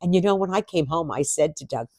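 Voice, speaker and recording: A woman's voice: sits low, animated, fast talker, darkish tone, breathy edge, no echo, clean studio sound. A woman vlogger talking casually to camera, chatty and sarcastic, laughing often.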